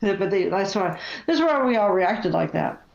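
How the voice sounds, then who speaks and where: Animated American woman in an echoey room. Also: mid-range voice, normal speed, creaky. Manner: animated storyteller, acts out voices. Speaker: guest paranormal investigator. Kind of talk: casual chat. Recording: echoey, dull lo-fi sound.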